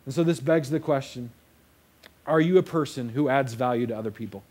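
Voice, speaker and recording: A man's voice: medium pitch, brisk, darkish tone. A young man preaching a sermon in a casual storytelling way, acting out the quotes. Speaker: pastor.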